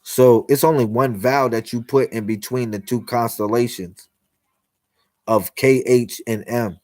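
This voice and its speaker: With no room sound, a young man unhurriedly preaches on a livestream about God and miracles. His mid-range voice is steady and a little mellow, and his spiritual monologue runs loose, repetitive and full of slang.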